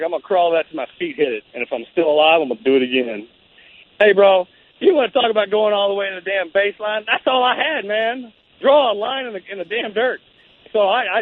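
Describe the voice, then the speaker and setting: Casual man telling war stories over a tinny line. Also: high-pitched. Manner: casual, rambling, says man and bro a lot. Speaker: guest. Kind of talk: interview storytelling.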